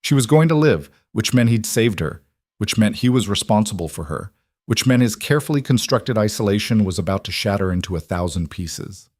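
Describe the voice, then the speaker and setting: A man reading a dramatic western romance story in a measured, brooding way. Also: on the low side, expressive, darkish tone, no echo, clean studio sound. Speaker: narrator.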